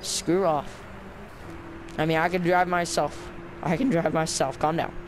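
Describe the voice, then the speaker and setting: A man's voice: a little high, steady tone, unhurried. A man giving casual, sarcastic let's-play commentary while grumbling at the game. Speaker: gameplay commentator. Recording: clear background noise with game car sounds.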